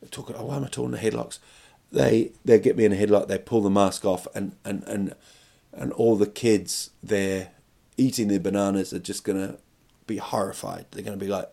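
A man tells a funny story on his podcast, and he often wanders off track. He mocks himself and fills his pauses with ums and uhs. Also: fairly low pitch, steady tone, vocal fry, darkish tone. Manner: rambling and self-mocking, with many fillers. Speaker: podcast host. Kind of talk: comic storytelling monologue.

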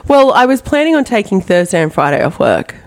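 A woman's voice: medium pitch, very animated, fairly quick, a little mellow. A woman co-hosting a podcast in casual chat, teasing and cracking crude jokes, swearing freely. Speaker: podcast co-host.

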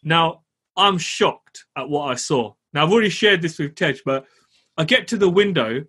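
Husky-voiced man telling a story. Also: a little high, moderate pace. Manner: animated, laughs while telling, swears casually. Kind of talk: casual storytelling.

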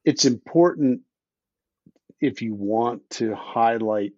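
A man's voice: medium pitch, takes it slowly, a little mellow, no echo, muffled recording. A man speaking as a podcast guest in casual conversation, blunt and opinionated, swearing now and then, often restarting his sentences, while he has the hiccups. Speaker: podcast guest, underwater explorer.

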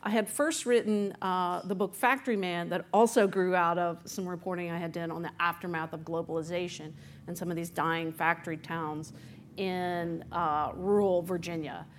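Woman telling a reporting story, animated. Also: on the low side, moderate pace, a little hiss or hum. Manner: animated storyteller, acts out quoted voices, many fillers. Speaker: author and journalist, guest. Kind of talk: conversational storytelling interview.

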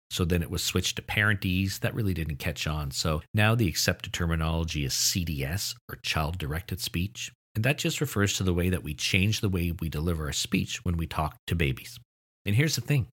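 A man giving a lecture on how children learn language, in a low, slightly husky voice. He explains steadily and lifts his voice to stress the key points. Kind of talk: recorded lecture.

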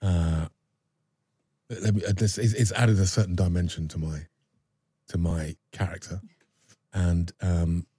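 Deep husky man, halting storytelling. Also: steady tone, warm tone, dry recording. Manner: halting, repeats words and restarts often. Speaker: actor guest. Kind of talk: candid personal storytelling.

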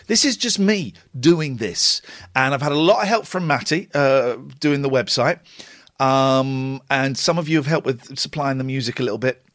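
A man's voice: medium pitch, moderate pace, a bit bright. A man in his forties hosting a late-night radio show alone from home, chatty, rambling and self-deprecating. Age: 40s. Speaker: radio host. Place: home, cold room.

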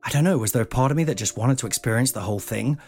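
Soft music plays behind a man in his forties who hosts a podcast and tells a funny personal story at a very fast clip. His husky, medium-pitched voice stays lively as he swears and acts out the different voices.

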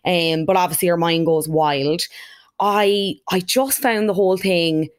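A woman hosting a podcast in casual, musing chat with lots of fillers. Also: lowish voice. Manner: chatty, drawn-out musing with fillers. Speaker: podcast host.

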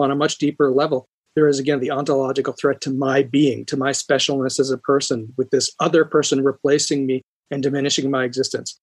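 Husky-voiced man telling a story. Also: medium pitch, no echo. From New York. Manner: animated storyteller, frequent restarts. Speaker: psychologist guest. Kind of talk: conversational podcast interview.

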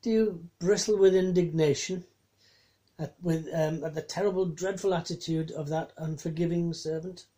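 A pastor giving a gentle, reflective sermon and Bible reading, asking his listeners questions. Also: fairly high pitch, fairly even intonation, moderate pace.

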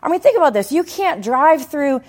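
Woman preacher, slightly high voice, very lively pitch, animated emphatic sermon delivery. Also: moderate pace. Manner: animated storytelling, emphatic, swings from loud to hushed.

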